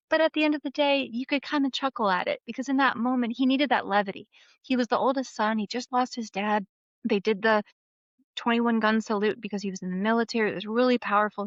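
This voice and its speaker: A woman in her thirties, a memoir author and podcast guest, telling stories in an animated casual way full of "like" fillers. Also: fairly high pitch, dry recording, highs cut off. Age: 30s. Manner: animated storyteller, lots of "like" fillers.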